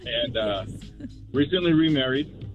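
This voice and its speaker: A man calling in to a radio show to tell a story, earnest and halting. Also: a little high, expressive, muffled recording, soft background music. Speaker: mortician caller. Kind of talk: phone-in storytelling.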